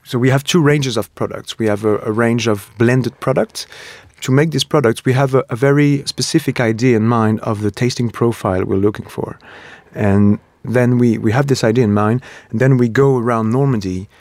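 A man from France with a French accent, a spirits brand co-founder explaining his product in a relaxed interview, with many fillers. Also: mid-range voice, moderate pace, few pauses, no echo. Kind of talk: conversational interview.

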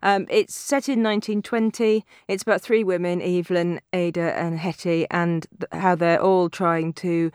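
A woman's voice: on the low side, steady tone, normal speed, hardly any pauses, a little mellow, clear, resonant tone, no room sound, clean studio sound. A woman, an editor of a book trade magazine, reviewing a novel on a radio show, fluent and enthusiastic.

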